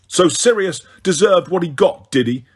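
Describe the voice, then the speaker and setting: A man voicing a grieving, furious teenage boy wizard in an audiobook, snarling and yelling his accusations. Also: sits high, lively intonation, normal speed, husky, voice pushed up. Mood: angry. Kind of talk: audiobook character reading.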